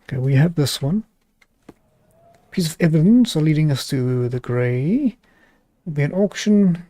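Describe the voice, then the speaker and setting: A man's voice: a little high, lively intonation, unhurried, dark tone, dry recording. A man from South Africa with a South African accent, chatting and joking his way through a game stream and laughing often. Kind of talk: casual gameplay commentary.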